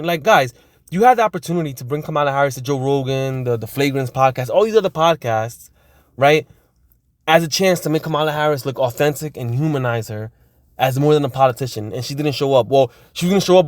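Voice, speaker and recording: A man with a slightly high voice delivers opinionated commentary as a podcast host. He talks emphatically and repeats his points. The sound is close and dry, with no room around it. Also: no room sound. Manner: animated, repetitive, emphatic.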